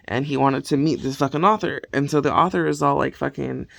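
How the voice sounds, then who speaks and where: Gravelly-voiced man ranting about movies. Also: medium pitch, fairly quick, a bit bright, dry recording. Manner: heavy swearing, rambling retelling of plots. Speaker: vlogger reviewing movies. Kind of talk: casual rant.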